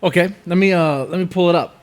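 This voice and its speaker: A man's voice: sits high, quick pace. A man hosting a live stream, chatting casually and wryly while reacting to a clip.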